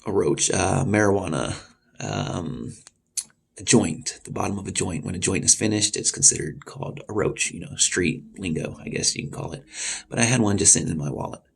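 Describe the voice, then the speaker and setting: A man's voice: low voice, moderate pace, vocal fry. A man in his thirties casually telling a personal story and acting out the voices of the people in it. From Texas. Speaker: vlogger.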